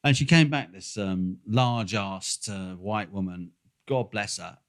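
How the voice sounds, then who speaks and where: A man's voice: on the low side, slow. An older man telling a long, rambling travel story in casual chat, swearing freely and full of fillers. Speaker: podcast co-host.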